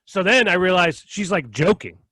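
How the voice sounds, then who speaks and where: A young man on a podcast telling a story in casual chat, animated and profane, often checking in with "right?" and "okay?". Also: high-pitched, normal speed, dry recording. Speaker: podcast co-host.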